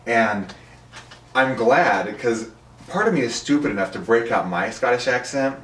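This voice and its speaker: A man's voice: medium pitch, lively intonation, a little slow, fairly bright tone, a little hiss or hum. Chatty, laughing man in an echoey room. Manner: laughs through his stories and drops into silly quoted voices. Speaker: co-host. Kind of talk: casual comedy chat. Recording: roomy echo, mic at a distance.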